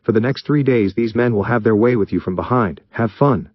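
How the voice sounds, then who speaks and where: A man voicing a cold, menacing young male ninja who talks in a calm, mocking, commanding way. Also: medium pitch, a little fast, dry recording, lo-fi sound, lightly acted.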